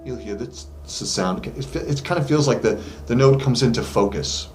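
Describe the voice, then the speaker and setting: A man's voice: mid-range voice, normal speed, a little mellow. A man giving a casual singing lesson from his voice studio, talking loosely with plenty of fillers. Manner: loose and chatty, many fillers, demonstrates with sung notes. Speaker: vocal coach. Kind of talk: casual vocal lesson to camera. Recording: echoey room, faint background noise.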